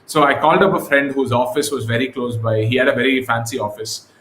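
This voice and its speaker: A man's voice: mid-range voice, fast talker. Man, interview guest, casual storytelling, lots of fillers, echoey room. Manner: relaxed, many fillers and restarts. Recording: echoey room with faint noise.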